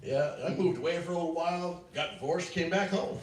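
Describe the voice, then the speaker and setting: A man's voice: fairly high pitch, brisk. A middle-aged man doing a loose, laughing stand-up set at an open mic, then chatting with the host. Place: small open mic venue. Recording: roomy, distant mic with faint noise.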